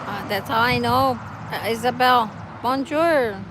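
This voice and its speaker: Woman, high voice, casual outdoor live-stream chat, laughs often, faint background hiss. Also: unhurried. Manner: chatty, laughs often, reads out viewer comments. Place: outdoors, wind and trees nearby.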